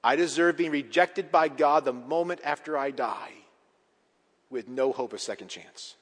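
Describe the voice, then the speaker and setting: A man preaching a sermon as a pastor, emphatic, with big swings in pitch and loudness. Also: unhurried. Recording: reverberant hall.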